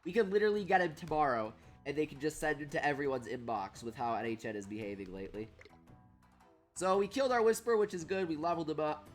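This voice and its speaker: A man hosting a casual gaming livestream with a stuffed-up nose. He reads out chat names and yells excitedly at the game. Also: fairly high pitch, fast, soft background music.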